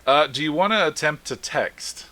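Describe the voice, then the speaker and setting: Guy running a tabletop game, chill and giggly, bright clear voice. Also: on the high side, expressive, normal speed. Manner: laid-back, laughing often, ruling with playful dismissal. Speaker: game master.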